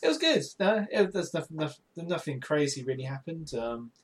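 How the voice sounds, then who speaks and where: A man's voice: a little high, fairly quick, crowd noise. A man from the UK, a podcast co-host, chatting casually and telling stories with lots of restarts and laughter. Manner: animated storyteller, stumbling restarts, frequent laughter. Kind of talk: casual chat.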